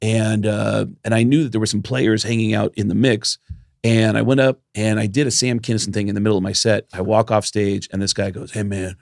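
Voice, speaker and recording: Gravelly man telling animated stories. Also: fairly low pitch, fairly quick, dry recording, studio quality. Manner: animated storyteller who acts out quoted voices. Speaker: podcast co-host. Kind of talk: casual chat.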